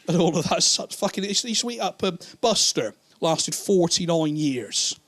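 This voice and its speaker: Profane rambling stand-up comic. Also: male voice, on the high side, fairly bright tone. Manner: rambling, profane, acts out characters in quick put-on voices. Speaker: stand-up comedian. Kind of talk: stand-up comedy routine.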